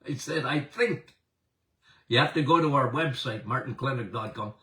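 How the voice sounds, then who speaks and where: Excitable older man, bright roomy sound. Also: medium pitch, unhurried, far from the mic. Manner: excitable, emphatic, laughs often. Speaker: podcast host and health doctor. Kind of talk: animated health talk to listeners.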